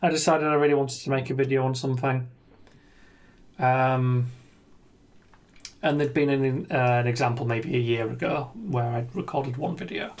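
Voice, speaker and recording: A gaming video creator with a medium-pitched voice delivers an unscripted, reflective monologue at normal speed, leaving long pauses. He comes across as hesitant, earnest and self-deprecating, with plenty of ums and restarts.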